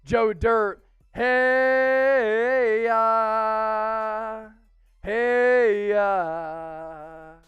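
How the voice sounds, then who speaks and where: A man's voice: sits high, fairly even intonation, very slow, clear, resonant tone, dry recording, dull audio, faint music behind. A man hosting a live-stream football watch party, hyped and calling out viewers' names and super chats. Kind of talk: excited live-stream sports chat.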